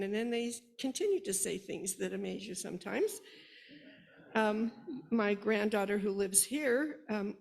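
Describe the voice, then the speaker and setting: Slow, gravelly older woman telling stories. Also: mid-range voice. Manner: laughs often while telling family stories. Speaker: congregation member sharing stories. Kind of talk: personal storytelling at a worship service. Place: congregation's worship space. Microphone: microphone.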